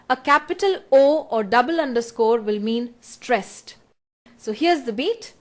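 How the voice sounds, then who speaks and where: Brief: woman lecturer, fairly high voice, measured and clear for exam revision. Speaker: literature lecturer. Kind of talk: scripted exam-prep lecture.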